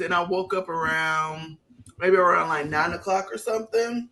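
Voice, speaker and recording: A woman's voice: fairly low pitch, moderate pace, fairly bright tone. A woman co-hosting a podcast, chatting casually with friends and telling a rambling story through frequent laughs. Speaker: podcast co-host. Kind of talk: casual chat among friends.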